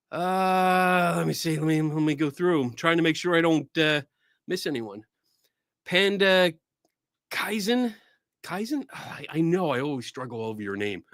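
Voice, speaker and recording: A man hosting a laid-back livestream, bubbly and chatty as he runs through the names in the chat. His bright voice leaps up and down in pitch, and the sound is dry and close, with no room echo. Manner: excitable, laughing, greeting chat viewers by name. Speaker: podcast host.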